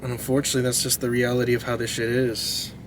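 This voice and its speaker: A young man venting angrily to the camera about a bad gym workout, swearing constantly and dropping to a low mutter, with car and street noise behind him. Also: monotone, quick pace. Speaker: fitness vlogger. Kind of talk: raw confessional vlog rant. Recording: clear vehicle and outdoor background noise.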